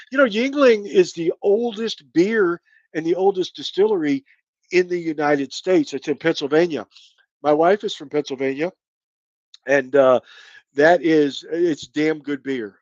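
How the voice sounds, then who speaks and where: A middle-aged man from Kentucky, his speech carrying a light Kentucky accent, hosts a casual live stream and rambles in a folksy way. His voice sits a touch high for a man. The sound is dry and a little dull, like a home stream. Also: a little slow, no room sound. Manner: rambling, folksy, thanks viewers by name. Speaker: channel host.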